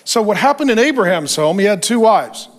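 A man's voice: high-pitched, brisk. A man preaching a sermon, telling stories with energy and acting out what people said. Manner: animated storytelling, acting out quoted voices. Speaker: pastor.

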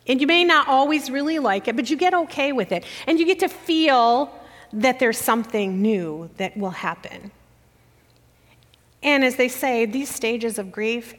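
A woman's voice: fairly high pitch, a bit bright. A woman giving a personal church talk as guest speaker, emotional and holding back tears as she speaks. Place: church sanctuary. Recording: long hall reverb.

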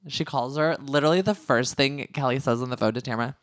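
A man's voice: medium pitch, fast talker, a bit bright, no room sound, clean studio sound. A man co-hosting a podcast, chatting casually and gossiping animatedly, with many fillers. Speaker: podcast co-host. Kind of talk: casual reality-TV recap chat.

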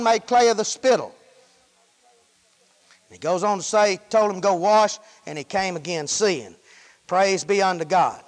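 A man preaching a sermon in a folksy, repetitive style, with frequent praise interjections. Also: extremely high pitch. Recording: hall with long reverb.

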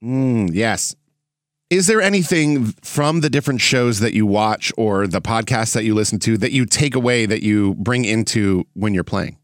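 A man hosting a casual podcast interview, relaxed and sprinkling in "uh" as he talks. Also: lowish voice, moderate pace, no room sound, clean studio sound. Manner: relaxed, uses filler "uh" often. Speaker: podcast host.

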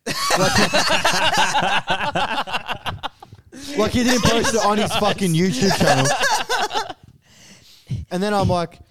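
A man's voice: high voice, expressive, drawn-out words, long pauses, over a noisy crowd. A man, a comedian, telling a story on a casual podcast and acting out both sides of the conversation, swearing freely and laughing through it.

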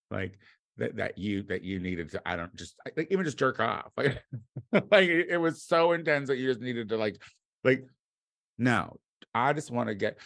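American guy, kinda low voice, rambling comedy rant, swears a lot, dry close sound. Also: vocal fry, dry recording. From United States. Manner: rambling and profane, with sudden loud outbursts. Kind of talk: casual comedic monologue.

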